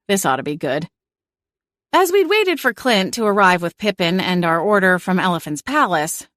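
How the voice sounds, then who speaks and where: A woman's voice: mid-range voice, fairly bright tone, no echo. A woman reads a cozy mystery in first person, wry and storytelling. Her voice sits mid-range. The studio recording is dry and close. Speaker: audiobook narrator. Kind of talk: first-person scripted narration.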